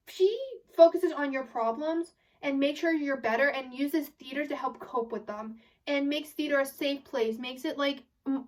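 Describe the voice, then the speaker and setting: A high-pitched teenage girl chats casually to her viewers, rambling and often restarting sentences. She sits a little back from the microphone, so her voice sounds somewhat distant. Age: high school senior, about 18. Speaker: vlogger. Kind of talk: casual chat to camera.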